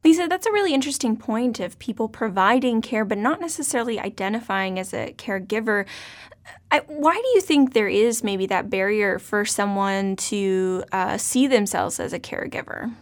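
A woman's voice: medium pitch, expressive, normal speed. A woman hosting an interview, asking questions with many hesitations and fillers. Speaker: interview host. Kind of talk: hosted interview.

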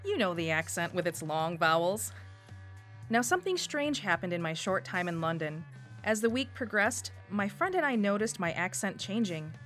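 A woman in her thirties from Wisconsin with a Wisconsin accent, reading a personal radio essay in a warm, lightly humorous way. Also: medium pitch, sing-song, moderate pace, faint music behind. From Wisconsin, USA. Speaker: storyteller.

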